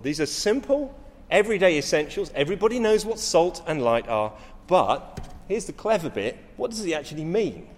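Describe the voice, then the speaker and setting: A man's voice: a little high, sing-song, brisk, big-room sound. A middle-aged man preaching a sermon, telling stories with rising emphasis and frequent restarts.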